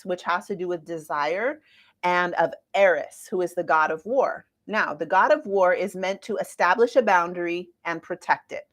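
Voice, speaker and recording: A woman in her forties giving a casual astrology talk to viewers, chatty and lively with playful asides. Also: mid-range voice. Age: 40s.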